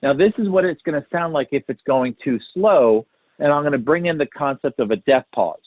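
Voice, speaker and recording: A man's voice: fairly high pitch, brisk, no room sound. A man coaching appointment setters through a call script, often checking in with his listeners. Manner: talks to trainees, checks in with "right?" and "okay?". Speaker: sales call trainer. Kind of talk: recorded training talk. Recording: tinny phone-like dry recording.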